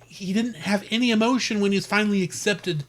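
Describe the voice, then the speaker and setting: A man's voice: high-pitched, brisk. A man co-hosting a podcast, chatting casually and eagerly about a film review, sometimes running over his partner's lines. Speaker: podcast co-host. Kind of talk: casual movie review chat.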